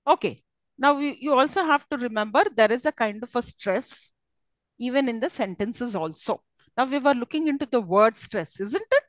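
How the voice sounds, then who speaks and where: A woman's voice: on the high side, lively intonation, moderate pace, dry recording, low-quality recording. A woman giving a university English lecture, often checking that her students follow. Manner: teacherly, checks understanding often. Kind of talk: classroom lecture.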